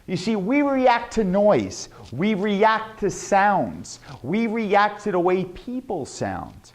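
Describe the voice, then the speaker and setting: A young adult man teaching a sales lesson, animated and demonstrating tones with his own voice. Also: high-pitched, measured pace. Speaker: sales trainer.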